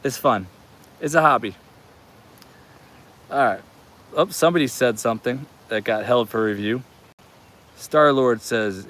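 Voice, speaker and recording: Broadcasting a casual livestream from his garage, a man in his forties reads viewer comments aloud with upbeat affection. His medium-pitched voice is fairly bright, and he talks a little slowly with long pauses.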